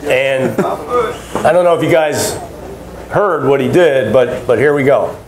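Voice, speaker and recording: A man's voice: mid-range voice, measured pace, crowd noise, poor audio. A man in his fifties, a former ballplayer as a panel guest, telling rambling, chatty stories to a fan audience at a convention. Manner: chatty, rambling, with many restarts and laughs. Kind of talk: casual storytelling to a fan audience.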